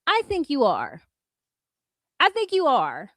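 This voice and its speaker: A high-voiced woman with a Californian accent rants at her critics, blunt and full of profanity. She laughs them off between jabs. Her voice sounds close and dry, with no room around it. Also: wildly swooping pitch, takes it slowly, a bit bright, no echo. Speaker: YouTube commentary host. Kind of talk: ranting commentary vlog.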